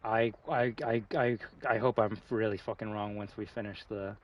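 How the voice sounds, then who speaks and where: A man's voice: fairly low pitch, flat delivery, moderate pace. Swearing, rambling male game streamer. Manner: rambling, swearing, frequent fillers and restarts. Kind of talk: casual live-stream commentary. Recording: slightly muffled with faint music.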